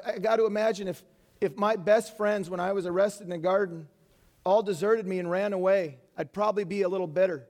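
Male pastor, high voice, earnest preaching with asides. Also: darkish tone. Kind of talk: Easter sermon.

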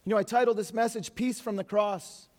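Male pastor, high voice, earnest preaching with asides. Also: steady tone, fairly quick, a little mellow. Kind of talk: Easter sermon.

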